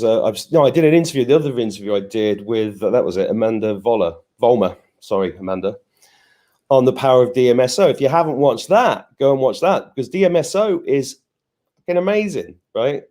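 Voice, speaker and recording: A man's voice: mid-range voice, normal speed, warm tone. A man hosting a casual live stream, greeting viewers by name and joking as he rambles. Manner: chatty, joking asides, rambling restarts.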